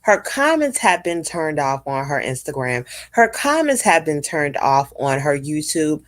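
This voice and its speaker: Lowish-voiced woman, blunt casual rant, cussing, dry close mic. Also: very animated, measured pace, no echo. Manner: blunt, emphatic, swears freely, talks straight to viewers. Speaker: commentary vlogger.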